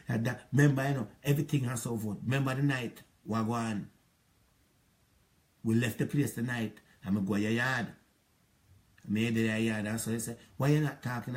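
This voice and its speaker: A man's voice: medium pitch, darkish tone. A middle-aged man with a Jamaican accent, rambling through an aggrieved spoken account of a past relationship. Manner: rambling, aggrieved, patois-inflected storytelling. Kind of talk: monologue recounting a past relationship.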